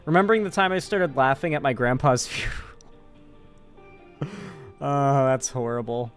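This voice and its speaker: A man's voice: mid-range voice, expressive, normal speed, soft background music. Joking streamer man reading chat. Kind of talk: casual live-stream commentary.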